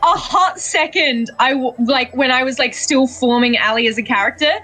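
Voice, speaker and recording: A woman's voice: sits high, moderate pace, bright, forceful tone. A woman who plays in a tabletop game, chatting casually during a break and laughing often.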